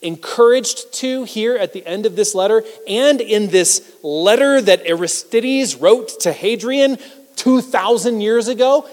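A man preaching a sermon as pastor, talking conversationally and self-deprecatingly, swinging between loud emphasis and hushed asides. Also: sits high. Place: church sanctuary. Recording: reverberant church hall.

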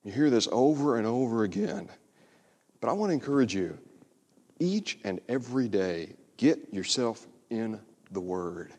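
A man delivers a sermon in an earnest, pleading way that swells into emphatic exhortation. His mid-pitched voice carries a long reverb tail, as if from a church sanctuary. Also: sing-song, measured pace, darkish tone, breathy edge. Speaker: preacher.

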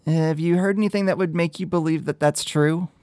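A tabletop player questioning a character politely and curiously, in a mid-pitched, even voice. The sound is dry and close. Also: a little fast, no echo. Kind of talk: playing a tabletop game in character.

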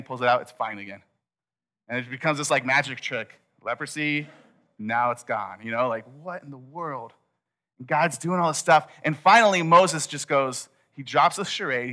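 A man preaching a sermon, retelling a story with animated asides and acted-out quotes. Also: medium pitch. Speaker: pastor.

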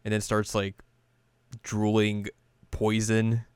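A man co-hosting a casual anime recap podcast. He jokes and laughs his way through the story with a sarcastic edge. His voice is smooth and resonant, recorded dry and close. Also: on the low side, monotone, slow pace, dry recording. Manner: joking, sarcastic, laughs often. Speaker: podcast co-host.

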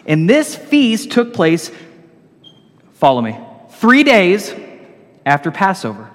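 A man preaching a sermon, telling stories with animated swings between loud and hushed delivery. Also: high-pitched, slow pace, long reverb tail. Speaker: pastor.

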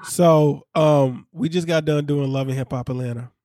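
A man hosting a casual recap podcast, talking in an animated way, laughing and quoting people as he tells the story. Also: on the high side, moderate pace, no room sound, studio quality. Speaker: podcast host.

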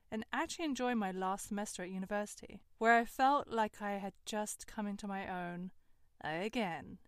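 A woman's voice: medium pitch, clear, resonant tone, no echo, studio quality. A young woman hosting a storytelling monologue, candid and sardonic, swearing freely. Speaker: host.

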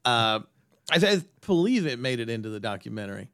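Lively, animated casual man. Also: medium pitch, fairly quick, clear, resonant tone. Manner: animated, mimics voices, laughs often. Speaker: podcast co-host. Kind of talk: casual chat.

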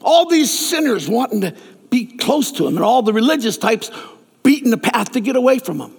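A man's voice: very high-pitched, big pitch swings, a little fast, gravelly, husky. A man preaching a sermon, telling a story and acting out the characters' lines in raised voices. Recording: long reverb of a large hall.

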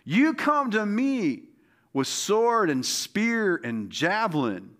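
A fearless young shepherd warrior proclaims his defiance in a raised, ringing voice, as a preacher reads him aloud. His declaration is bold and steady, with a lively, swinging pitch. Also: slow, exaggerated voice. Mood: defiant.

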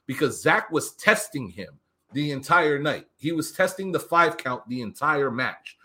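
A man casually recapping a wrestling show on a podcast, animated and profane, acting out what the wrestlers said. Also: a little high, unhurried. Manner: animated, profane, acts out quotes. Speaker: podcast co-host.

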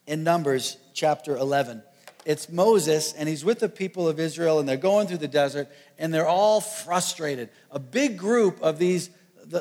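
Animated male pastor in an echoing hall. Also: high-pitched. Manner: animated storytelling, jokey asides. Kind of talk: sermon.

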